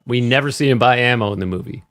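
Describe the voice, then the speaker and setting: A man with a middle-pitched voice co-hosting a casual movie podcast. He recounts scenes in a laid-back, matter-of-fact way and chimes in with quick agreements. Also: a bit bright. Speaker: podcast co-host. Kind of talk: casual movie review chat.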